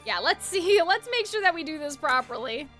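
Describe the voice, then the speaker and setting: A chatty woman streamer with a very high, bright voice, giggling and filling her talk with "like." Soft game music plays behind her as she reacts to a story game. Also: sing-song, normal speed. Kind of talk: casual game commentary.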